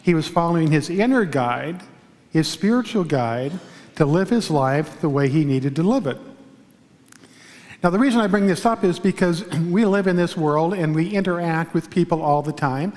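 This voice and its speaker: Man preaching calmly in a reverberant hall. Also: fairly high pitch. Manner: calm, measured storytelling with pauses. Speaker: pastor. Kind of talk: sermon. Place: large church sanctuary.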